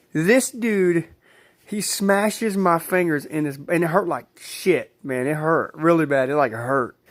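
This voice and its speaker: A man's voice: a little high, a bit bright. A man casually telling a personal story, rambling, repeating himself and swearing freely.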